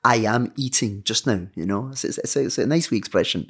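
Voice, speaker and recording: A man's voice: fairly low pitch, a little fast, breathy edge. A man co-hosting a casual language lesson podcast, playful and joking, often praising with short replies. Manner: playful, jokey, says "très bien" often. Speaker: language teacher co-host.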